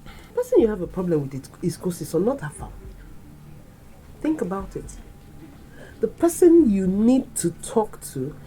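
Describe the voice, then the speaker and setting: A Nigerian woman playing a wise older mother who calmly lectures her grown son in a film drama. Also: mid-range voice, moderate pace, pauses often, close to an everyday voice, low-quality recording. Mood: advising. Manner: calm, lecturing.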